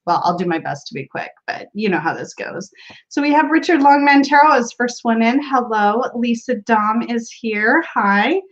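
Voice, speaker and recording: Woman, livestream host, casual chat, greets viewers by name, laughs often, fairly high voice, dull lo-fi audio. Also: expressive, moderate pace. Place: home room.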